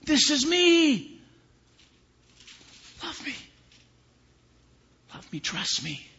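A man voicing God as tender and pleading, calling out in a high, urgent voice. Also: very animated, drawn-out words, vocal fry, pushed and bright, exaggerated voice. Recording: dull lo-fi recording.

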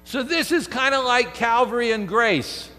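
A man preaching a sermon, animated, firing off rhetorical questions and acting out quoted speech. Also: very high-pitched, normal speed. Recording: long hall reverb with mains hum.

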